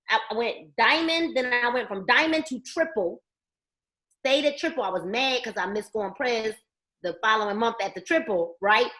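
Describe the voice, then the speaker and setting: A woman's voice: high-pitched, pushed and bright, echoey room, low-quality recording. A woman giving an emphatic motivational training talk to a group, preaching and firing questions at her listeners. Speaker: network marketing trainer. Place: indoor room.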